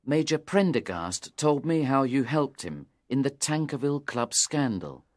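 A nervous young man in his twenties pleads for help, as a man voices him in a read-aloud story. His pitch swings in an animated way, and the recording is dry and close. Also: a little slow, no echo. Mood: anxious. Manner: anxious and pleading. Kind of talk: audiobook character reading.

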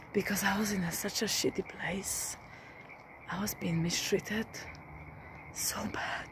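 A woman's voice: medium pitch, gravelly, darkish tone. Woman half whispering into her phone outdoors at night, swears a lot, faint background hiss. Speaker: vlogger. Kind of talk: casual whispered vlog. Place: outdoors at a rural home at night.

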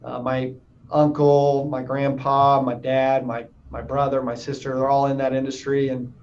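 A man's voice: mid-range voice, flat delivery, moderate pace, a little mellow, muffled recording, slight background noise. A man in his thirties from East Tennessee, with only a light trace of a Southern accent, chatting upbeat with many fillers as an interviewee. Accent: light Southern US, mostly neutral. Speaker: interviewed club member, insurance salesman. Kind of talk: casual interview answers.

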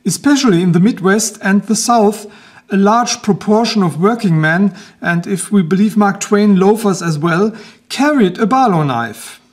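Man, German accent, high voice, calm explanatory narration, lecture-like knife review. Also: moderate pace. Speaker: knife reviewer and video host.

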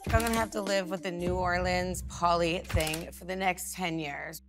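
A woman's voice: fairly low pitch, steady tone, normal speed, music in the background. A woman on a reality show, exclamatory and teasing in casual chat. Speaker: reality show cast member.

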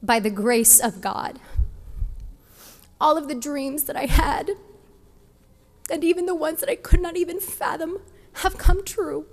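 A woman's voice: high-pitched, a little slow, pauses often. A young woman from Texas giving a passionate, emphatic commencement speech at a podium in a large venue. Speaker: commencement speaker. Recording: long hall reverb.

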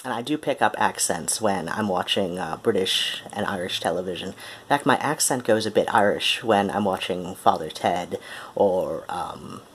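Young guy w a transatlantic accent, low voice, tired and hesitant, lots of ums, casual vlog intro. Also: a bit bright, a little hiss or hum. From Ohio, USA. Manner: hesitant, full of ums and pauses. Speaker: musician.

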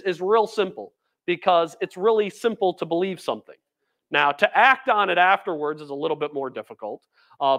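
A man delivers a sermon in an earnest, emphatic way, with his voice sitting slightly high for a man. He mixes relaxed, conversational asides with scripture passages read out with weight. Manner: conversational, with fillers and repeated phrases. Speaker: preacher. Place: church food pantry.

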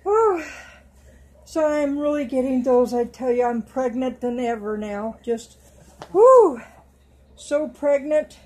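A middle-aged woman chatting to her viewers, slow and affectionate, stumbling over some words. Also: high-pitched, dark tone, low-quality recording. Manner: coos in baby talk. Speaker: vlogger. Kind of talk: casual chat to camera.

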